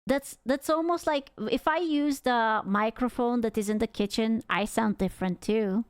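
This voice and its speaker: A woman's voice: fairly high pitch, normal speed, clear, resonant tone, no room sound. A young woman streamer reacting to videos in casual, blunt, rambling chat.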